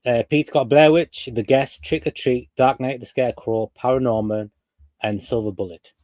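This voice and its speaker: A man's voice: medium pitch, fairly even intonation, moderate pace, a little mellow, dry recording. A man, hosting a casual chat and running through lists, rambling with restarts. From North East England. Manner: rambling, restarts, runs the list. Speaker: podcast host.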